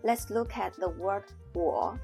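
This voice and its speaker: A woman teaching a language lesson in a scripted way, speaking slowly and carefully and demonstrating sounds one at a time. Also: medium pitch, vocal fry, dark tone, faint music behind. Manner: slow, careful, demonstrating tones on single syllables.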